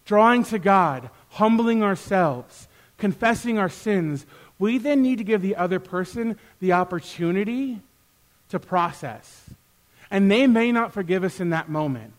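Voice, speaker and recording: A pastor and youth worker with a high, light voice preaches to his church in an animated way. He acts out little quoted back-and-forth exchanges, growing louder as he goes.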